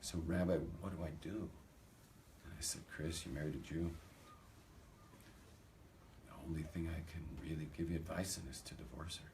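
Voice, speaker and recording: Deep voiced guy telling stories to a crowd, acts out both sides of the talk, a little background hiss. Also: brisk, pauses often. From United States. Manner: animated anecdotal storytelling, acts out dialogue. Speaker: rabbi giving a talk. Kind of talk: storytelling talk to a live audience.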